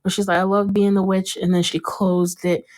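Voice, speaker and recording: A young woman hosting a casual podcast, recapping an episode and acting out what the characters said with sudden jumps in pitch and frequent laughter. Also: moderate pace. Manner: animated, acts out quotes in a jumped-up pitch, laughs often. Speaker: podcast host.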